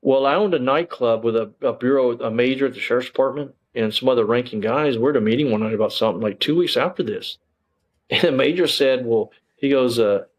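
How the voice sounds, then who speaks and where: A man's voice: mid-range voice, fairly quick, rough recording. A man, a former police officer telling his story as an interview guest in a rambling way, full of restarts and fillers.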